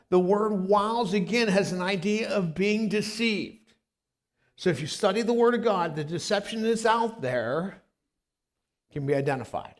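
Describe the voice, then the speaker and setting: A middle-aged man preaching as a pastor, with a conversational storytelling manner that often repeats words at the start of sentences. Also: high voice. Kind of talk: storytelling sermon. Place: church sanctuary.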